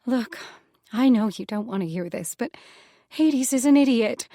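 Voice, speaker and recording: A woman voicing a brash, shameless young female nymph in an audiobook, pleading in quick, self-reproaching outbursts. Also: fairly high pitch, expressive, mellow, no room sound, studio quality, voice pushed up. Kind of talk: audiobook character voice.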